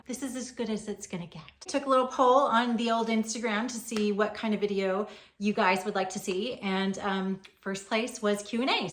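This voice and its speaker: Brief: woman in her forties, yoga teacher, blunt and joking with the odd swear, mid-pitched, casual chat at home, echoey room. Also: fairly bright tone. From Hawaii. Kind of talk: casual Q and A vlog.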